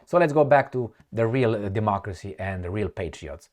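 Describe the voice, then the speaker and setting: A man's voice: fairly low pitch, animated, brisk, a little mellow. A man from Romania with a Romanian accent, giving sarcastic, scornful commentary while reading out news quotes. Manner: sarcastic and scornful, laughs at his own remarks. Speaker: political commentator.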